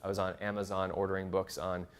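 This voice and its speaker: A man's voice: deep voice, flat delivery, quick pace. A man in his forties from Canada, giving a casual, self-deprecating workshop talk to graduate students with many fillers and restarts. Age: 40s. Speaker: workshop presenter. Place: university seminar room.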